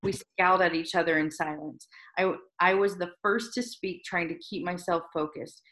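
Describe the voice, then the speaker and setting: A woman reading a first-person novel aloud to a class, with steady narration and small slips and restarts. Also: fairly low pitch, normal speed, rough recording. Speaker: reader.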